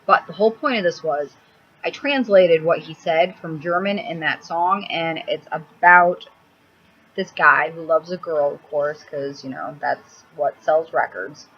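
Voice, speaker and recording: A woman's voice: sits low, a little slow. A woman rambling bluntly and crudely in a casual makeup vlog, recorded at home on a laptop mic. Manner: blunt, crude, cranky, swears freely. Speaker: makeup vlogger. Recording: slightly dull laptop audio with faint hiss.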